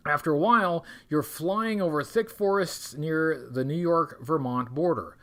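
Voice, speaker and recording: A man's voice: a little high, measured pace, few pauses, a bit bright. A man hosting a livestream, reading an adventure gamebook aloud and breaking off for wry, rambling jokes. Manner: wry, rambling, self-interrupting. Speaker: livestream host.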